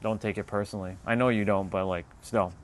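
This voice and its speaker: Laid-back low-voiced man chatting on stream. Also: fast talker. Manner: relaxed, answers chat comments one by one. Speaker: livestream host. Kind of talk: casual livestream chat.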